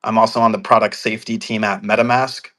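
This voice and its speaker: A man's voice: on the low side, little pitch movement, quick pace, fairly bright tone. A male guest speaking fluently and upbeat, introducing himself and his work. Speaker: guest, security specialist. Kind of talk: guest chat.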